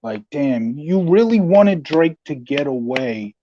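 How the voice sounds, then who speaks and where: A man's voice: fairly high pitch, animated, takes it slowly, dark tone, slight background noise. A man co-hosting a casual podcast, laid-back, giving short replies and hesitating with fillers. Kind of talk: casual chat. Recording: dull dry lo-fi mic.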